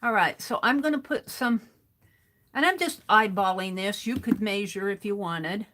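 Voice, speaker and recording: A woman's voice: mid-range voice, normal speed, fairly bright tone. A woman hosting an art livestream from her desk, chatting to viewers and narrating her crafting as she works. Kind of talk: casual craft demo livestream.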